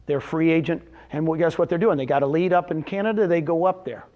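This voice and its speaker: High-voiced man giving a sales seminar. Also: quick pace, dull audio. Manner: animated, quizzes the audience with questions; retells conversations in quoted voices. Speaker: speaker presenting to real estate agents. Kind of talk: live seminar talk. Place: meeting room with a live audience.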